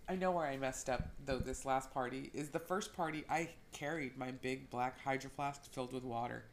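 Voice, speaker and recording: A woman's voice: a bass voice, moderate pace, slight background noise. A young woman with a cold, chatting casually on a podcast and jumping between topics with bursts of laughter. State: sick, eyes watering. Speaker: podcast co-host. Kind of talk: casual chat.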